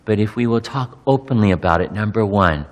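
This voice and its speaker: A middle-aged male pastor with a somewhat low voice speaks candidly to a gathered audience. He often halts and repeats words as he works through his thoughts. His voice carries a long reverb from a large hall. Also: lively intonation. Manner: candid, halting, repeats words while searching. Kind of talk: personal testimony talk to an audience.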